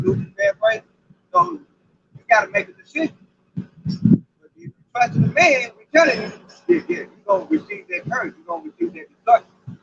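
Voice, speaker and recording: A man preaching who reads scripture verses slowly and emphatically, then explains them. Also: very high-pitched, sing-song, vocal fry, fairly bright tone, highs cut off, a little hiss or hum. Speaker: scripture reader.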